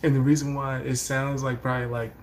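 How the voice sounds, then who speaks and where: A man doing casual reaction commentary, laughing hard and wheezing as he tries to hold back loud laughter. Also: mid-range voice, a little fast, slight background noise, low-quality recording. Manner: animated, quotes people mid-story.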